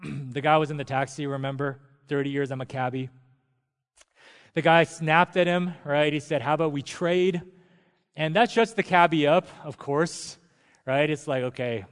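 A man preaching a sermon as a pastor, telling stories in a relaxed, conversational way. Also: on the high side. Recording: long reverb of a church hall.

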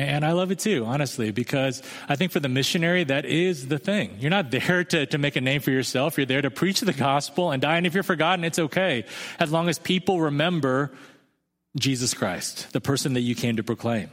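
A man's voice: fairly high pitch, a little fast, a bit bright. A man in his thirties preaching a sermon as a pastor, talking in a conversational, self-deprecating storytelling way. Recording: long hall reverb.

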